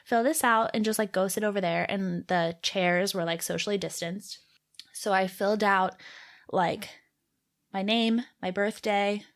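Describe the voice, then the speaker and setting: A woman's voice: mid-range voice, measured pace. A young Canadian woman in her twenties co-hosting a podcast, telling a story in casual chat and acting out the people in it. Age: 20s. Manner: animated storytelling with acted-out quotes. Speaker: podcast co-host.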